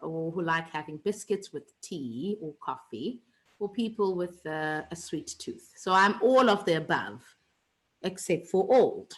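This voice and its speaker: A woman's voice: fairly low pitch, animated, unhurried, rough recording. A woman teaching an online revision lesson, chatty and teasing, with many fillers and restarts.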